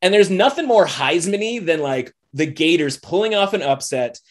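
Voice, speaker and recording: A man analyzing football bets in a casual, animated podcast chat, peppering his talk with "like" and "right?". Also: fairly high pitch, normal speed. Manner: animated, conversational, lots of "like" and "right?". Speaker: betting analyst.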